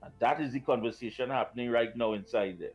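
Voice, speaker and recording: A man's voice: mid-range voice, quick pace, faint music behind. A man with a Trinidadian accent co-hosting a live talk show, playful and teasing, repeating phrases. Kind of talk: live radio talk banter.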